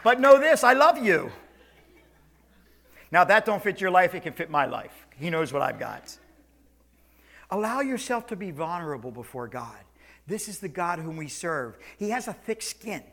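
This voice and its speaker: Male pastor, high voice, preaching in church, loud calls to soft slow lines. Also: big pitch swings. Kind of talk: sermon. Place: church sanctuary, also streamed online.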